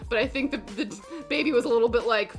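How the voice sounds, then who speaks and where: A woman's voice: a little high, fast. A young woman chatting casually while she cross stitches on a stream, rambling through stories and answering chat. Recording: background music under voice.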